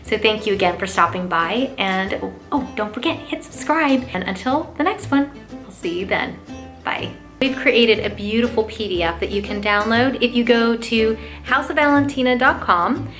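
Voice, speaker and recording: Bright-voiced, gushing woman vlog host. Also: on the high side, animated, moderate pace, soft background music. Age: adult parent. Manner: gushing and enthusiastic, lots of "oh my gosh"; warm, talks straight to viewers as "you guys". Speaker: lifestyle channel host. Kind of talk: chatty gift-guide vlog.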